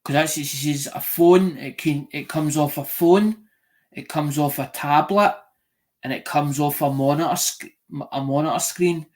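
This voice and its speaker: A man's voice: on the high side, steady tone, moderate pace, a little mellow. A man with a Scottish accent chatting casually on a live stream, rambling and often restarting and repeating himself.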